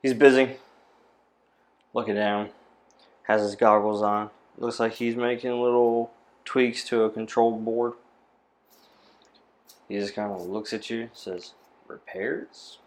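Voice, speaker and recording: A man narrating a tabletop role-playing game as game master, describing scenes in a relaxed way with fillers. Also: fairly low pitch, unhurried, long pauses.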